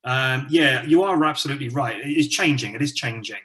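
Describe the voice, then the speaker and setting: Chatty English teacher in casual interview. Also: male voice, mid-range voice, fairly quick, a little hiss or hum. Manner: relaxed, chatty, frequent fillers like "you know".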